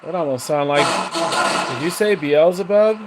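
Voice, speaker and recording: A man's voice: a little high, normal speed, very noisy. A man running a ghost box session, coaxing spirits with questions in a casual way. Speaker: paranormal investigator. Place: house, indoors.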